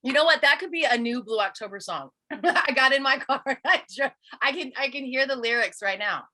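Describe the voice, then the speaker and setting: A woman host talks over a video call with a bright, forceful voice, sitting a bit higher than most women. She tells animated stories and laughs easily along the way. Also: fairly quick. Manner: animated storyteller, laughs often. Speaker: radio host. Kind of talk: casual video call chat.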